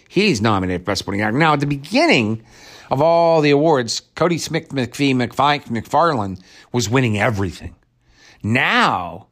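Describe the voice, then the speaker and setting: A man's voice: medium pitch, fairly bright tone. Sarcastic man ranting about movies. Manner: sarcastic, irreverent and crude, with mocking asides. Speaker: movie reviewer. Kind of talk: casual rambling movie review rant.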